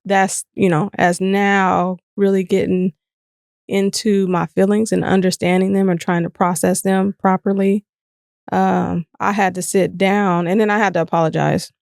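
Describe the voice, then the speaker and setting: A woman's voice: mid-range voice, unhurried, gravelly, no room sound, clean studio sound. A woman co-hosting a podcast, talking candidly and reflectively in casual chat. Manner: candid, reflective, animated when retelling. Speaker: podcast co-host.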